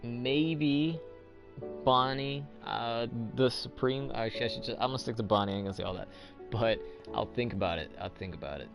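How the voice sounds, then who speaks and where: A man's voice: medium pitch, moderate pace, gravelly, over music. A young man hosting a casual gameplay commentary, rambling and asking himself questions as he plays. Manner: rambling, thinks aloud, self-questioning. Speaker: let's play host.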